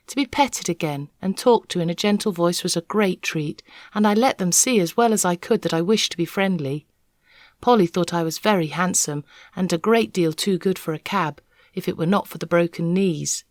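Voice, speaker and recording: Expressive woman reading a storybook. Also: fairly low pitch, no room sound, clean studio sound. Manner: measured, lively storyteller. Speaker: storyteller reading a children's novel. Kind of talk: expressive read-aloud narration.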